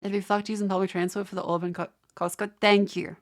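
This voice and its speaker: A woman's voice: medium pitch, little pitch movement, fast. A young Australian woman streaming live, chatting casually, exasperated and swearing as she rants at her chat.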